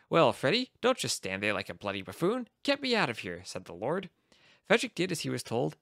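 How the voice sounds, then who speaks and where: Gravelly man reading a comic fairy tale. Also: mid-range voice, dry recording, clean studio sound. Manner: wry, deadpan comic narration. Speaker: reader of fantasy game lore. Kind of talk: storybook reading aloud.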